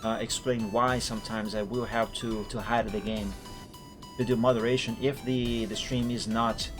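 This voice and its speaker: A man's voice: medium pitch, level tone, normal speed. A man streaming a driving game, chatting casually and rambling as he corrects himself mid-sentence. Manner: rambling, self-correcting, chuckling. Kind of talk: casual gameplay commentary. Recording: music playing under the voice.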